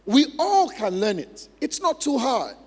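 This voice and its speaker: A man's voice: extremely high pitch, huge pitch swings, unhurried, breathy edge. A man preaching a sermon as pastor, emphatic, repeating key phrases and acting out practice drills. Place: large church hall. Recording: long hall reverb.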